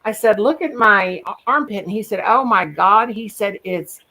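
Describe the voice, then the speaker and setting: A woman's voice: mid-range voice, normal speed, sharp tone. Rambling folksy woman telling a story. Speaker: live stream host. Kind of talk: casual chat.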